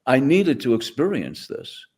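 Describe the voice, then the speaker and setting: A man's voice: medium pitch, wildly swooping pitch, unhurried, a little mellow, breathy edge. A man, a podcast guest telling a story and acting out the dialogue. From the Bronx, New York. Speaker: guest, former teacher. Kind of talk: conversational storytelling.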